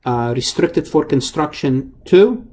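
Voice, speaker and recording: A man's voice: a little high, lively intonation, takes it slowly, darkish tone. A man giving a recorded accounting lecture over slides, often repeating key terms and checking in with "okay?".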